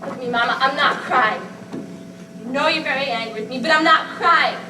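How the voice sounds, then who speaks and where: Woman playing childlike grown daughter, pleading, breaking voice, very high pitch, distant echoey stage, clear hiss. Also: brisk, close to an everyday voice. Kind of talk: amateur stage acting.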